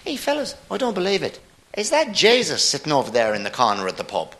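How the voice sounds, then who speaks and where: Man doing a squeaky, thrilled Irish pub fella for a joke, bright and lively. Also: fast talker, exaggerated voice. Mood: amazed. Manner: high, shrill, exclaiming.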